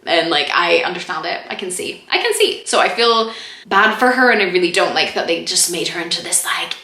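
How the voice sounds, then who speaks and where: A chatty young woman who reviews TV on her vlog talks casually to the camera in a bright voice that sits on the low side. She says "like" a lot, laughs quickly, and throws in mock quotes, all recorded in an echoey room.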